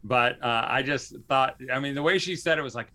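A man's voice: medium pitch, fairly quick, bright, forceful tone. A man hosting a podcast in a casual, rambling way, with lots of fillers and restarts. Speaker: podcast host.

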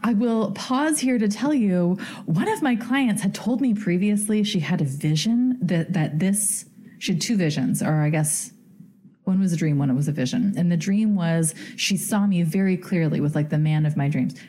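A woman's voice: lowish voice, normal speed, mellow. A woman hosting a podcast, telling a story in a giddy, chatty way full of fillers. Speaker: podcast host.

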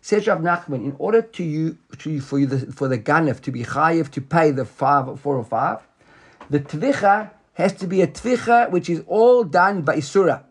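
A man teaching a Talmud study class, explaining the text lively and acting out the rabbis' words while quizzing a student. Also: fairly high pitch, normal speed, breathy edge.

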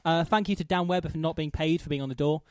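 A man's voice: on the high side, steady tone, fast, no room sound, studio quality. A man from Nottingham hosting a live comedy podcast, giggly and self-mocking, on stage at a cafe bar theatre. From Nottingham, England. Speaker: podcast host.

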